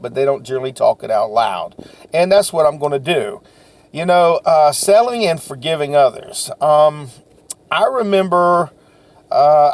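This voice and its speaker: A man's voice: fairly high pitch, darkish tone. An older man giving an earnest, confessional talk about sales and forgiveness, rambling a little and restarting his sentences. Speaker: sales vlogger. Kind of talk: casual motivational talk to camera.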